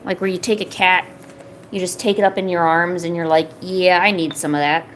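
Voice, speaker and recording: A woman's voice: lowish voice, steady tone, a little fast, slight background noise, rough recording. A woman streaming casually while drawing, chatting playfully to her cats.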